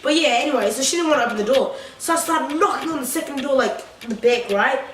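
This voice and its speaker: High-voiced young woman, echoey and distant. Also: expressive, fast, a bit bright. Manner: rambling, profane, filler-heavy. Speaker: vlogger. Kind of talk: casual storytime. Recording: echoey room, far from mic, faint noise.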